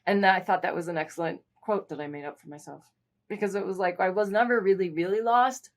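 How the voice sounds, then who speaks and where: Woman, podcast co-host, candid casual talk, mid-pitched voice, conversational pace. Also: a little fast. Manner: candid, talks through stories with frequent asides. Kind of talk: casual chat.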